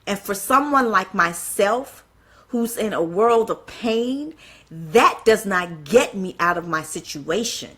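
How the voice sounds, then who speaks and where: Passionate, bright-voiced woman preaching. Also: medium pitch, slow pace, breathy edge. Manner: fiery, fires off rhetorical questions, apologizes for getting excited. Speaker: speaker at a church event. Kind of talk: passionate spoken sermon.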